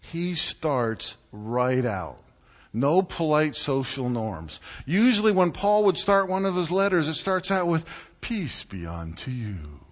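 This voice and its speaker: A man preaching a sermon as pastor, telling stories and acting out quotes with animated delivery. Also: on the high side, a little slow. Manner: animated storytelling with acted-out quotes. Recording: muffled sound in a reverberant hall.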